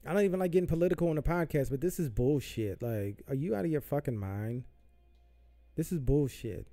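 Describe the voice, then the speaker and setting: Man, podcast host, heated profane rant, mellow dark tone, faint music behind. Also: on the high side, lively intonation, fairly quick. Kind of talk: political rant. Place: Southern California.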